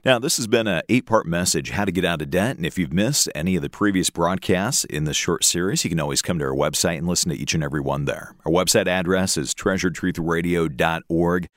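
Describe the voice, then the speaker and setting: A male radio program host giving a steady announcement between parts of a sermon. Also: deep voice, quick pace, few pauses, no echo, clean studio sound.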